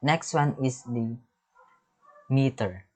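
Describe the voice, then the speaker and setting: A man teaching a music lesson, reading terms and definitions from slides in a halting way, often restarting words. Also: mid-range voice, warm tone, low-quality recording.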